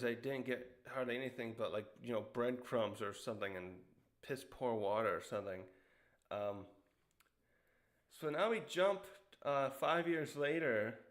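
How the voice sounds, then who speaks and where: A young man casually recapping a comic chapter, rambling with many fillers and acting out the characters' quotes in a raised voice. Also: mid-range voice. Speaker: manga reviewer.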